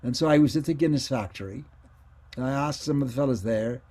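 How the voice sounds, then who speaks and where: Older male guest, mid-pitched, rambling reminiscing storyteller on a video call. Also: quick pace, dark tone. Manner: meandering, self-correcting storyteller. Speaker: interview guest, former child radio actor. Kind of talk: casual reminiscing interview.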